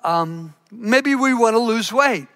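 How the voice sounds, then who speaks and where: Fervent pastor with a bright high voice. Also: male voice, expressive, slow. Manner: fervent, repeats words and restarts often. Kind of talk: sermon. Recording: church hall with long reverb.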